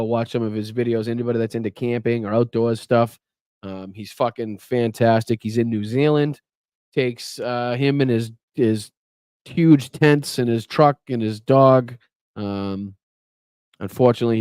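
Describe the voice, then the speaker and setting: Male streamer, casual and rambling, salty language, smooth voice, dry close sound. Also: mid-range voice, warm tone, dry recording. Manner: rambling, swears freely, thanks viewers. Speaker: livestream host. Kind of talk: casual live chat reading comments.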